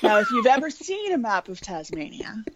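Dry, measured woman co-host. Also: fairly high pitch, big pitch swings, over a noisy crowd, rough recording. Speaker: podcast co-host. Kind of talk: casual comedic podcast chat.

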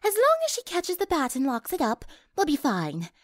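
A woman's voice: sits high, wildly swooping pitch, moderate pace, no room sound, clean studio sound, voice pushed up. A woman voicing a brash, tomboyish young woman. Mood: blunt.

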